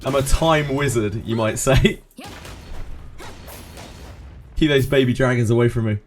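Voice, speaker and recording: A man's voice: medium pitch, unhurried, faint music behind. A man streaming games, chatting casually with viewers, answering them by name and laughing often. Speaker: game streamer. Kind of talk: casual live-stream chat.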